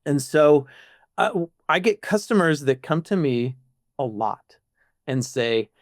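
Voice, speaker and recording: Animated man explaining on a podcast. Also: on the high side, a little slow, no echo, studio quality. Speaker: podcast guest, product manager. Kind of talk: casual podcast chat.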